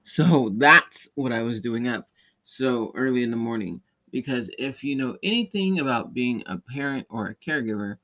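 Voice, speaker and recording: A man's voice: mid-range voice, bright, forceful tone. A man hosting a podcast, telling a rambling story in casual chat, with many restarts and light laughs. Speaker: podcast host; parent or caregiver.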